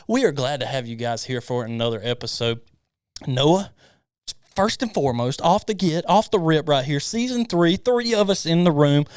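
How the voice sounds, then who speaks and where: A man hosting a faith podcast in casual chat, animated and laughing often. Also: on the high side, normal speed, smooth, no room sound, clean studio sound. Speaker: podcast host. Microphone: studio mic.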